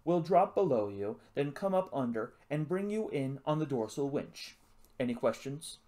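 A reader voicing a small message lizard that talks with a posh, deep male voice in a brisk, clipped manner. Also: lively intonation, dark tone, lightly acted.

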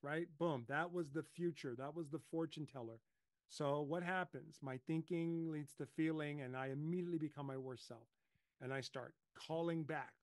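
A middle-aged man hosting a casual coaching talk, telling lively stories and acting out his own panicked voice. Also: fairly high pitch, moderate pace, no echo. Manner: animated storyteller, acts out his own panicked voice. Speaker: host.

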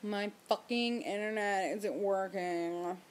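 A young woman chatting casually to her camera at home, rambling and self-mocking, talking loudly with headphones on. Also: medium pitch, slow, slight background noise. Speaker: vlogger. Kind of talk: casual chat. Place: home, indoors.

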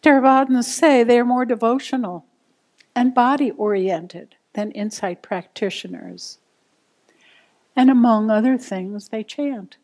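Woman, meditation teacher, dharma talk, higher voice, very slow. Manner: gentle, unhurried, guiding.

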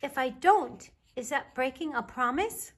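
A woman's voice: sits high, lively intonation, unhurried, voice pushed up, heavily acted. A woman voicing an eager little bear cub. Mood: eager, curious. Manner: eager, asks question after question. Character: small curious young male bear cub. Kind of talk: children's storybook reading.

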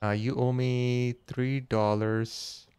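Gaming host, male, slow easy delivery, clean dry close sound, chatty and easily startled. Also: medium pitch, flat delivery, clean tone, dry recording. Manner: chatty, thinks aloud, counts money out loud. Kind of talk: casual let's-play commentary.

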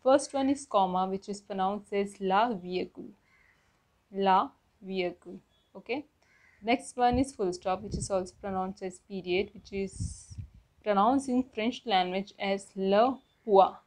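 A woman giving a pronunciation lesson, naming each item and repeating it slowly and carefully. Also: medium pitch. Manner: steady, methodical listing. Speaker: language teacher.

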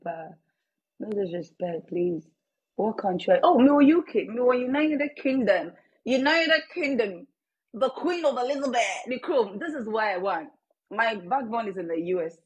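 A Ghanaian woman eats on camera and chats to her viewers in a relaxed, rambling way. Her voice has a husky, slightly breathy grain. She sits at an ordinary middle pitch for a woman. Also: normal speed, highs cut off. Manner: chatty, drifting between English and Twi while eating. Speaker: vlogger. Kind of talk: casual eating-show chat.

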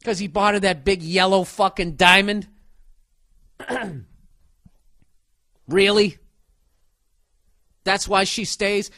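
A man's voice: sits high, fairly even intonation, slow, pauses often, sharp tone, dry recording, clean studio sound. A man comedian delivering a profane, sarcastic rant in a casual monologue style. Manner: ranting, sarcastic, heavy swearing.

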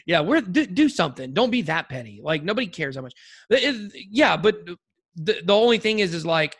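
A man's voice: high voice, sing-song, fairly quick, fairly bright tone, husky. A man co-hosting a podcast in casual chat, rambling and joking with lots of restarts and fillers. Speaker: podcast co-host.

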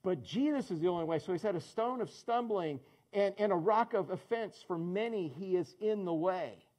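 A man's voice: high voice, normal speed, darkish tone. A man preaching a sermon as pastor, conversational and joking, calling on people in the congregation by name. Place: church in front of a congregation.

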